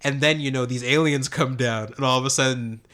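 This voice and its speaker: A man's voice: medium pitch, steady tone, a little fast, pushed and bright. A young man guesting on a casual podcast, rambling with lots of fillers and swearing. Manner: rambling, filler-heavy, swears, laughs easily. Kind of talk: casual chat.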